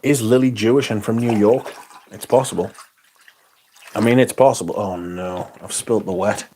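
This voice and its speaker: A man's voice: lowish voice, normal speed, a little mellow, slight background noise. A man hosting a livestream, chatting casually and rambling through viewer comments with frequent chuckles and the odd swear word. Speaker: livestream host.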